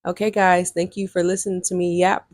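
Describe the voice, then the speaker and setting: A woman in her 20s, a vlogger, tells her viewers a story in a lowish voice at a fairly quick pace. She is chatty, animated, and leans heavily on fillers. The sound is clean studio quality with no echo.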